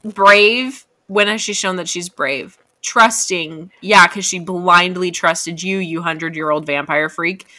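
A woman's voice: lowish voice, fairly even intonation, a little slow, hardly any pauses, pushed and bright, dry recording. A young woman reading a novel aloud and mocking it in casual, laughing chat. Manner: sarcastic, laughing, mock-gushing.

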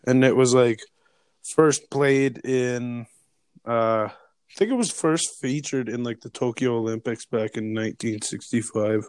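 A man's voice: mid-range voice, a little slow, a little mellow, smooth, no room sound, studio quality. A young man co-hosting a podcast in casual chat, laid-back and laughing, with a sprinkling of swearing. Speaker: podcast co-host.

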